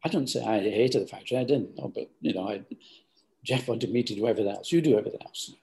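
A man's voice: lowish voice, fast talker, creaky, warm tone. An older man, a business founder, giving rambling, hesitant interview answers full of restarts.

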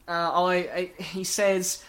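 A podcast co-host in a casual film-review chat, making quick, sarcastic quips. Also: mid-range voice, fairly even intonation, noisy background.

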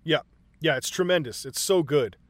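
A man co-hosting a casual film chat, excited and profane, acting out movie lines as he retells scenes. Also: fairly high pitch, normal speed, no echo. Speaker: podcast co-host.

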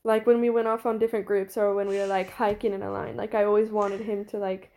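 A woman's voice: mid-range voice, little pitch movement, fast talker, warm tone. A young woman in college telling a story in casual chat, rambling and giggly with lots of fillers. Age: young adult.

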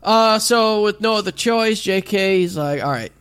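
A man's voice: high voice, a little slow, fairly bright tone, smooth, dry recording. A man co-hosting a podcast, casually recapping an episode with lots of fillers and swearing. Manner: rambling recap with many "uh"s and profanity. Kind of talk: casual chat.

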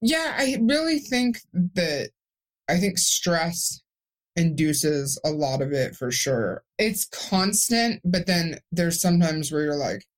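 A woman's voice: on the low side, very animated, takes it slowly. A young woman speaking candidly and emotionally as a guest on a podcast, rambling with restarts. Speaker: guest, stroke survivor. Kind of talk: podcast interview.

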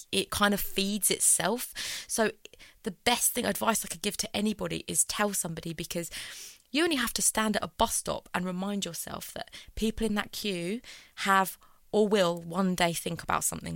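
A woman's voice: medium pitch, vocal fry, a bit bright, dry recording, studio quality. A woman telling her own story as an interview guest, in an earnest, rambling way full of fillers and restarts. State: close to tears at times. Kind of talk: candid personal storytelling.

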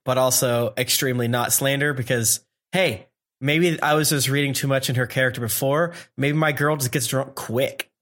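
A man's voice: medium pitch, fairly even intonation, moderate pace, fairly bright tone. A man co-hosting a casual podcast, rambling through wry jokes. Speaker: podcast co-host. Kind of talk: casual chat.

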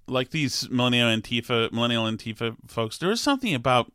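A man's voice: medium pitch, very animated, sharp tone, clear, resonant tone, dry recording, studio quality. A man talking casually on his own, hesitant with many restarts, laughing as he reads comments aloud. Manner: halting, many restarts, laughs while reading. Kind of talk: casual solo talk, reading comments aloud.

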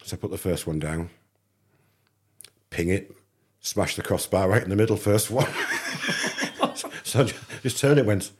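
A man's voice: low-pitched, breathy edge. A middle-aged man from England, a podcast guest, telling a casual anecdote and acting out the dialogue. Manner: animated anecdote teller, acts out dialogue. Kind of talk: casual storytelling.

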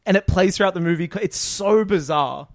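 A man co-hosting a podcast, in casual chat, retelling a film in an animated, exasperated way with rambling asides. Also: high voice, a little fast. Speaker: podcast co-host.

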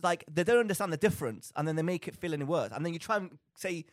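Animated man ranting. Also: a little high, fast, no room sound, clean studio sound. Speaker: podcast co-host. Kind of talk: casual podcast chat.

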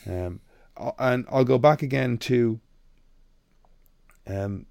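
A man co-hosting a podcast in casual chat, animated and sweary as he rants. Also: mid-range voice, slow, gravelly, no room sound, clean studio sound. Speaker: podcast co-host.

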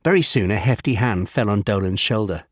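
A man narrating a children's storybook, savouring lists with gentle humour. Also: on the low side, animated, brisk, dry recording, studio quality.

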